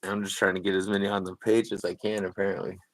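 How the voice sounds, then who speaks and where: Young man, low voice, laid-back rambling storyteller, laughs a lot, casual stream chat. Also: flat delivery, fast talker, gravelly, poor audio. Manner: rambling, laughs through stories. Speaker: streamer drawing with a guest. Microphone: video call.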